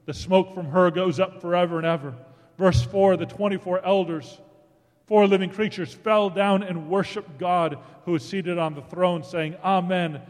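A man preaching a sermon, reading scripture dramatically and swinging from hushed tones to booming declarations. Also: fairly even intonation, a little slow. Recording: long hall reverb.

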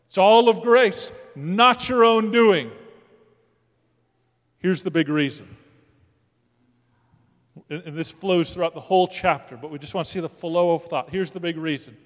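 A man's voice: high voice, unhurried, long pauses. A man preaching a sermon as pastor, emphatic and rising, often calling out to the congregation. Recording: long hall reverb.

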